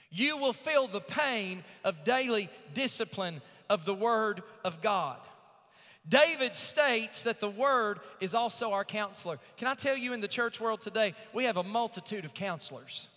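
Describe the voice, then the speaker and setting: A male pastor preaching a sermon, drawing out scripture slowly and rising into emphatic swells. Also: sits high, lively intonation, sharp tone. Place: church sanctuary. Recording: long reverb of a church sanctuary.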